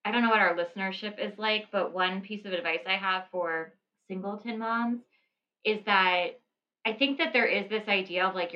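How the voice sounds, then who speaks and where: Woman, casual podcast chat, earnest, reflective, mid pitch, mother of twins. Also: dull audio.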